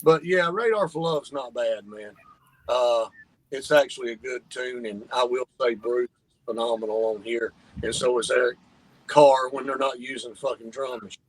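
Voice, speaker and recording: A man's voice: medium pitch, normal speed, low-quality recording. A man in a casual album ranking chat, laid-back and drawing out his words. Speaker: podcast co-host.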